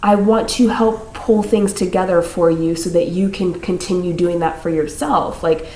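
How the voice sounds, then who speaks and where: A woman's voice: fairly low pitch, fairly even intonation, normal speed, warm tone, reverberant, poor audio. A woman giving a casual tarot reading to her viewers, rambling with many fillers and restarts. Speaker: tarot reader.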